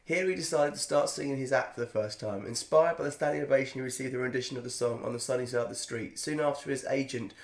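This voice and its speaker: A man's voice: mid-range voice, quick pace, hardly any pauses, reverberant. A man co-hosting a podcast, reading aloud in a jokey, digressive way and laughing often. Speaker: podcast co-host. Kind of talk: casual chat reading aloud.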